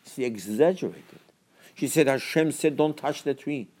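A man giving a Torah sermon as a rabbi, preaching emphatically with repeated rhetorical questions and swinging from low, quiet explanation to loud, high scolding. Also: lively intonation, moderate pace.

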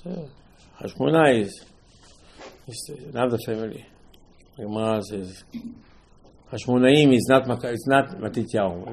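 A man teaching a religious lecture in an animated way, asking many rhetorical questions and restarting phrases as he builds a point. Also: mid-range voice, breathy edge, rough recording. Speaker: Torah teacher.

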